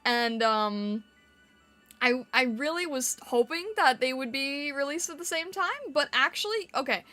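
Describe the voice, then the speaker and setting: A woman streaming live, chatting casually with her chat, giggling often, her voice squeaking when she laughs or yells. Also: expressive, measured pace, faint music behind.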